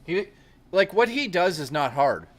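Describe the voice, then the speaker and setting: A man's voice: sits high, sing-song, unhurried. A man co-hosting a live stream, reading donation messages with wry, mocking banter.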